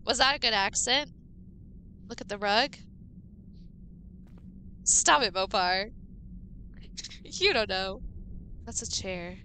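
Bright, playful woman streamer. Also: medium pitch, slow pace, pauses often, slight background noise, rough recording. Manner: playful, jittery, chatting with viewers. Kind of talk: live gameplay commentary.

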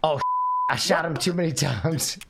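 A man streaming a game, excitable and jokey in casual chat with friends. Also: fairly high pitch, normal speed, creaky, noisy background.

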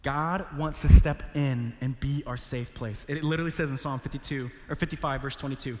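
A young man preaching a sermon, telling a personal story, swinging between hushed lows and pleading highs. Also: fairly even intonation, a little fast, few pauses, in a large hall. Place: church hall.

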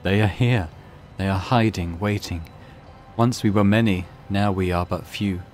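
A man voicing a serene, creepy mutant cult priest in a video game, with a low murmuring delivery. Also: unhurried, a little mellow, soft background music. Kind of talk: reading game dialogue aloud.

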